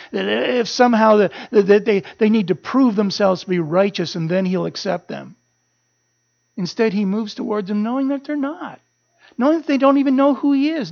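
A pastor preaching a sermon, earnest and building to animated emphasis. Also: male voice, high-pitched, gravelly. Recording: muffled lo-fi sermon recording.

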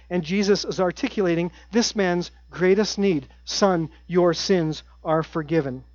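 A middle-aged man preaching a sermon in an earnest way, repeating his key phrases and dropping his voice to a hush at times. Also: high voice, no echo, highs cut off. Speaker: pastor.

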